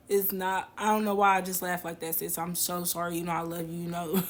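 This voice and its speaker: A woman's voice: on the low side, flat delivery, a little fast, hardly any pauses. A woman casually telling a personal story to her viewers, slangy and laughing as she goes.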